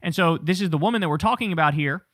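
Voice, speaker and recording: A man's voice: a little high, quick pace, a bit bright, dry recording, clean studio sound. A man hosting political commentary, talking casually in a blunt, profane and incredulous way.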